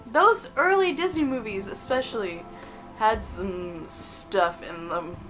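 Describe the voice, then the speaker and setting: Chatty young woman hosting a countdown vlog, bright voice, giggly. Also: mid-range voice, slow, soft background music, low-quality recording. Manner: chatty and animated, giggles between points. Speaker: video host.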